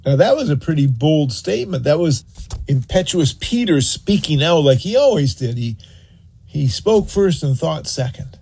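A male preacher with a gravelly, husky voice, speaking a little higher than most men. He takes his time and lets the pitch swing widely as he tells a story and exhorts his listeners. The delivery is earnest and animated. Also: normal speed. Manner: animated storyteller, acts out scenes. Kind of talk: sermon.

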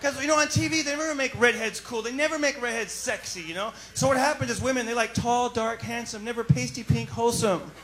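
A man with a very high voice delivers a wry stand-up bit, as if letting the crowd in on a conspiracy. Clear background noise sits under the live recording. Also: fast talker, hardly any pauses, fairly bright tone. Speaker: stand-up comedian. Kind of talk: stand-up set.

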